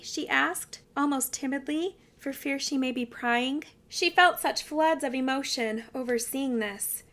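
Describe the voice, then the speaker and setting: Brief: woman narrator, steady storybook reading, high voice. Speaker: reader of a family biography.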